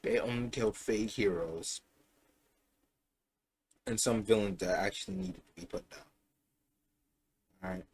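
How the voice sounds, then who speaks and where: A man's voice: lowish voice, unhurried, pauses often, slightly rough. A young man casually improvising a fan story aloud, rambling and correcting himself as he goes. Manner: rambling, self-correcting, chatty.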